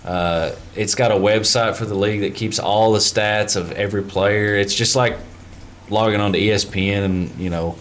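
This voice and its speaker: A man with a lowish voice co-hosts a gaming podcast in easygoing, rambling chat. A faint hiss runs underneath his talk. He sounds at ease among friends. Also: fairly even intonation, normal speed. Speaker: podcast co-host.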